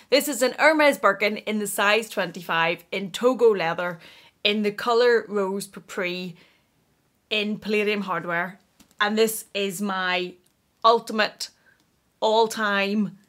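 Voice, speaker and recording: Young woman vlogging an unboxing, giggly and excited, words tumbling out, bright voice. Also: mid-range voice. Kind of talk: unboxing vlog chat.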